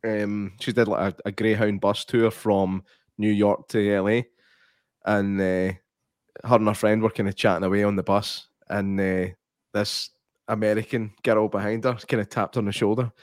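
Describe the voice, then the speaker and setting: A man's voice: lowish voice, flat delivery, normal speed, no echo, studio quality. A Scottish man co-hosting a podcast, chatting casually and telling stories with lots of laughter. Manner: laughing storyteller, mimics voices in anecdotes. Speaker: podcast co-host. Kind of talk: casual chat.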